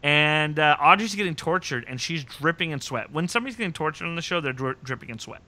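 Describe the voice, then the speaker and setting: On the high side and fast, a man hosting a podcast runs through episode recaps in a relaxed way. His storytelling is animated, and he quotes scenes with gleeful, joking relish.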